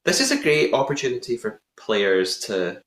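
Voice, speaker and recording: A male podcast host talking through a TV episode in an easygoing, chatty way. His voice sits at an ordinary pitch. The room around him rings with echo. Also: lively intonation, normal speed, a bit bright. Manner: chatty, laughs at own attempted accent. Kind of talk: casual recap chat. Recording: echoey room.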